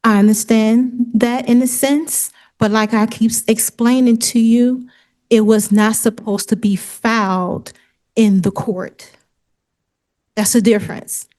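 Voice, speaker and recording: A woman's voice: on the high side, steady tone, measured pace, darkish tone. A woman defending herself in a courtroom hearing, speaking in an insistent, earnest way and reading a prepared statement.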